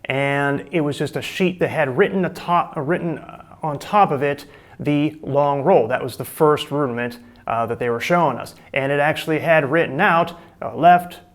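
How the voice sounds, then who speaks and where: A man's voice: on the high side, moderate pace. A middle-aged man giving a casual, chatty drum lesson, explaining and demonstrating technique. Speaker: drum teacher.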